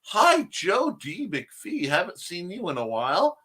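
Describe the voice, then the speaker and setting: A man's voice: high-pitched, wildly swooping pitch, a little slow, bright, forceful tone, slightly rough. A man hosting a casual livestream talk show, chatting in a rambling, enthusiastic way as he answers viewer comments. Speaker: host of a creative talk show.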